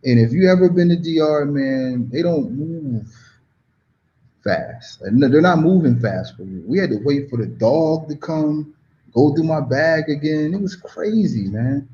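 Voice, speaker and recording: A man from the United States, a guest telling a story in a casual, animated, slang-heavy way, often saying "you know what I mean.". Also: on the high side, a little slow, muffled recording, slight background noise.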